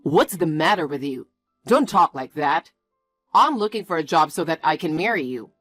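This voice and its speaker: A woman's voice: deep voice, animated, moderate pace, fairly bright tone, soft background music. A woman voicing a defensive, bossy young man who talks in a curt, scolding way. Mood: irritated.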